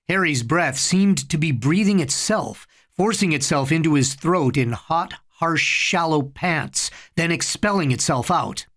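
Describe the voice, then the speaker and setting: A storyteller giving a slow, dramatic reading of horror fiction. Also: medium pitch.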